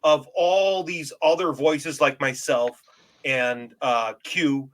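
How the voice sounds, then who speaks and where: A man hosting a casual podcast chat, brash, loud and profane. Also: fairly high pitch, steady tone, slow pace. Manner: brash, loud, profane, self-described big personality. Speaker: podcast host.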